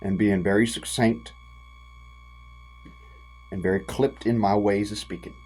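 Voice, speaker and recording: A man's voice: on the low side, steady tone, a little mellow, slight background noise, low-quality recording. A man from the United States, giving an impassioned direct-to-camera rant in a folksy, profane way. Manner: folksy and profane, drawn-out emphatic phrasing. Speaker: vlogger.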